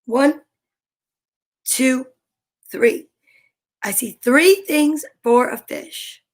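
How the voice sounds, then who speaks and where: A woman reading picture books aloud to children, gentle and encouraging, asking questions and counting along with them. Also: high-pitched, drawn-out words. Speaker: children's story reader.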